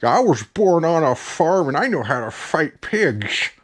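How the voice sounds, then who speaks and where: A man doing a mocking impression of a slow-drawling woman politician, dragging out his words. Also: on the high side, sing-song, voice pushed up.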